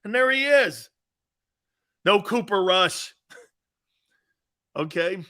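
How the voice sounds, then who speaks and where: Middle-aged guy hosting sports talk, talks slow, sarcastic, swears, yells now and then. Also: sits high, expressive. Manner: brash, sarcastic, swears, jumps to shouted outbursts. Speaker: sports talk show host. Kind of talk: opinionated sports radio talk.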